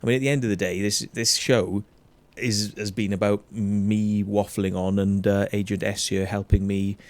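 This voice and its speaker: A Welsh man hosting a casual livestream chat, blunt and animated, swearing heavily as he rants. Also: on the low side, moderate pace. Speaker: show host.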